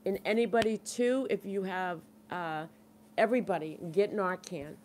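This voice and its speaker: A middle-aged woman with a Boston accent hosts a support group livestream, chatting casually and earnestly as she answers viewers' comments and encourages them. Her medium-pitched voice is a little mellow and moves at normal speed, with slight hiss or hum in the audio.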